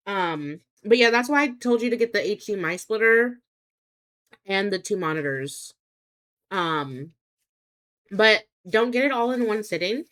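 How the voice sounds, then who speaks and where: Young adult woman, live streamer, casual chat, rambling, hesitant, lots of ums and restarts, mid pitch. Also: expressive, a little slow, pauses often. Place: home streaming setup.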